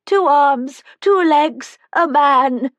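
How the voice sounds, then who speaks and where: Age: 80s. Figure: woman doing a frail, forgetful old lady with a high, cackling voice. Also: extremely slow, a bit bright, no echo, dull audio, full character voice. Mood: vague, wry. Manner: vague, wandering, cackles.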